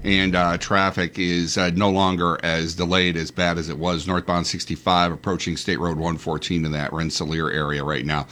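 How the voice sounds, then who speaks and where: A man reading the traffic on the radio, his voice sitting on the lower side. He runs through routes briskly, filling gaps with little hesitations as he goes. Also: flat delivery, sharp tone. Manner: brisk rundown with frequent "uh" fillers. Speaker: traffic reporter.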